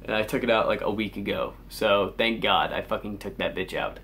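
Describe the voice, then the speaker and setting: A man's voice: on the low side, a little fast, fairly bright tone, a little hiss or hum. A teenage boy ranting angrily in a vlog, swearing constantly and sighing in exasperation. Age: teens. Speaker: vlogger.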